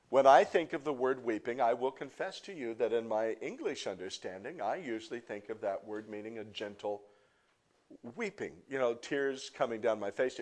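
A middle-aged male pastor preaching to a congregation, swinging from soft, hushed teaching to loud, impassioned outbursts and joking with the crowd. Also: medium pitch. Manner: jokes and teases the congregation. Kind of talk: sermon. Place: church before a live congregation.

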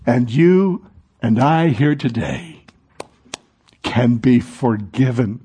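A man preaching a sermon in a dramatic way, moving from hushed passages to rising fervor. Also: mid-range voice, expressive, takes it slowly, breathy edge.

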